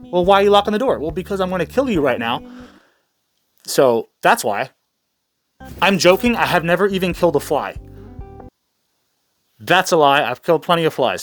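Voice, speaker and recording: Man, high voice, profane comedic rant, stammering, sarcastic, faint background music. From Middle East. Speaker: comedic commentary host.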